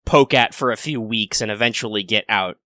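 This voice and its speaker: A man chats casually as a podcast co-host, rambling and joking at length. His voice is bright and forward, recorded dry and close. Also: on the low side, a little fast, no echo. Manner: rambling, jokey, talks at length. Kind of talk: casual chat.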